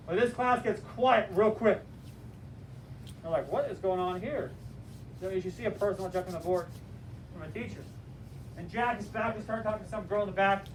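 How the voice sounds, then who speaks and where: Man, high-pitched, animated teacher, motivational, distant mic, faint background noise. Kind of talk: storytelling lesson to a class. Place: classroom.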